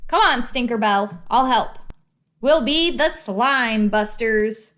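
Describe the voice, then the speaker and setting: A woman's voice: on the high side, slow pace, fairly bright tone. A woman voicing a bossy, confident young girl who talks in a breezy, teasing way.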